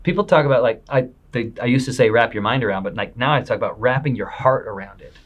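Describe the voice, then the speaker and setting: A man's voice: medium pitch, quick pace, muffled recording. Upbeat man coaching on goals. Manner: upbeat, conversational, acts out inner voices. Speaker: business coach. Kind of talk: motivational talk to camera.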